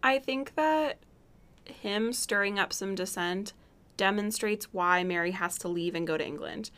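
A woman's voice: medium pitch, unhurried, fairly bright tone. A young woman co-hosting a podcast, talkative and opinionated, cracking jokes with lots of fillers. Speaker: podcast co-host. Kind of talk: casual chat.

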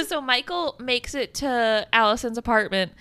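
A woman co-hosting a podcast, narrating a film's plot in casual chat and giggling often between quick asides. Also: on the high side, expressive, fairly bright tone, no room sound. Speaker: podcast co-host. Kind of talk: casual film recap chat.

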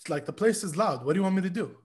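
A man's voice: high voice, animated, rapid-fire, breathy edge. A young man in casual chat, telling stories with laughs and casual swearing.

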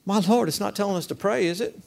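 A man's voice: high-pitched, quick pace, gravelly, a little mellow. A man preaching a sermon as pastor, talking conversationally with rhetorical questions and leading the congregation in call-and-response.

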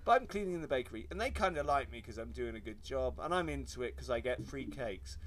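Lively joking English man telling stories. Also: mid-range voice, fast. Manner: animated, jokey, mimics shrieks. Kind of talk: casual storytelling chat.

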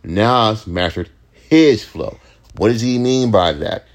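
A young man with a fairly low voice talks in a loose, late-night podcast monologue. He rants and rambles with plenty of swearing and false starts. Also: expressive, takes it slowly. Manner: profane, ranting, rambling with restarts. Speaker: podcast host, rapper.

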